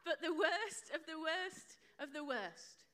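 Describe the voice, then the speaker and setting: Her voice is high, animated, pushed and bright, and she speaks slowly. The woman gives a chatty sermon with plenty of audience banter, joking and quizzing the live congregation in a church hall, on a close, unshielded mic that picks up her breathing.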